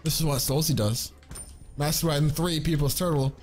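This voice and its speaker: A man streaming a game, giving loud, hyped, boastful commentary full of swearing. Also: fairly high pitch, steady tone, moderate pace, a little hiss or hum. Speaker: gaming streamer. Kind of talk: excited gameplay commentary. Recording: game music loud behind voice. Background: loud game music.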